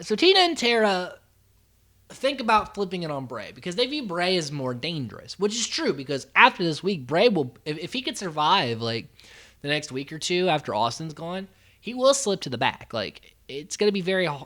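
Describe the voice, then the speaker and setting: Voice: mid-range voice, sing-song, normal speed, fairly bright tone. A podcast host recapping a reality show in a rambling, chatty way, full of "like" and casual swearing.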